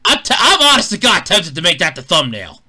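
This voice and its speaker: High, lively ranting man. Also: brisk. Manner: exasperated, profane, shouting bursts. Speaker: gaming commentator. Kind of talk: angry gaming rant.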